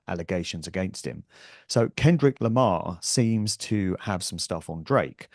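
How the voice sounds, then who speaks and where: A man's voice: sits low, a little mellow, no echo, clean studio sound. A male guest on a talk show, holding forth emphatically and scornfully in casual conversation. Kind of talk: casual chat.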